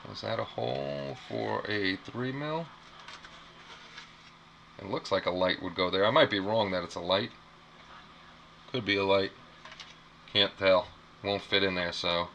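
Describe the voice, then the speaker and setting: A man's voice: on the low side, unhurried, pauses often, sharp tone, poor audio. A man hosting a casual live unboxing stream from a small apartment, rambling, repeating himself and reacting to chat. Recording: clear background noise.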